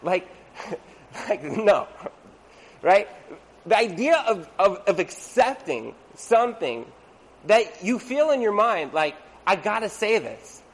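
Animated storytelling man, slightly high voice. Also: takes it slowly, rough recording. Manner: animated storyteller who acts out the people in his stories; conversational, with frequent "like" and asides. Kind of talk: storytelling talk to an audience.

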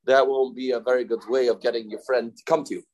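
A man teaches a Talmud study class in English, using Hebrew and Aramaic terms and acting out the speakers he quotes. His delivery is halting and self-correcting, in a steady, darkish, medium-pitched voice. The recording quality is low.

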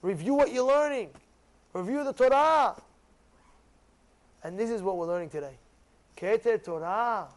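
Very high-voiced man giving a Torah class. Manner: animated, acts out quoted people, repeats phrases for emphasis. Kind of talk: lively Torah lecture.

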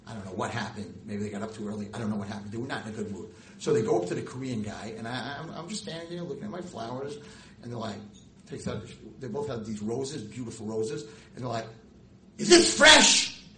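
A middle-aged man, a rabbi and teacher telling stories in a lecture, animated and jumping high and loud when acting out scenes. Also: fast. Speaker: rabbi and girls' school teacher. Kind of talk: storytelling lecture to an audience. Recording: roomy hall with faint noise.

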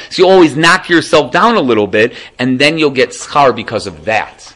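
A man giving a casual Torah class, animated and conversational, often checking in with the listener. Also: on the high side, fairly quick, hardly any pauses, low-quality recording. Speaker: Torah teacher.

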